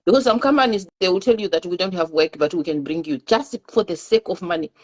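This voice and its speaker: A woman's voice: on the low side, fast talker, darkish tone. A woman in a casual talk-show discussion, earnestly giving advice and often repeating her words. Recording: muffled lo-fi audio.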